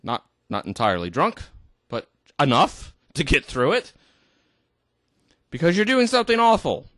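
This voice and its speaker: A man's voice: on the high side, wildly swooping pitch, a bit bright, dry recording. A tipsy man ranting indignantly to camera, exasperated and stumbling over his words. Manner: indignant, exasperated, halting restarts. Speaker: vlogger. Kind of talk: ranting commentary.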